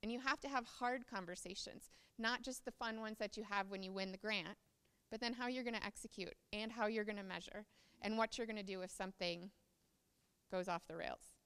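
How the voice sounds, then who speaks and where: Woman, conference presenter, smooth resonant voice, echoing hall. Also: mid-range voice, fairly even intonation, a little fast, a bit bright. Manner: explanatory, reads aloud from notes.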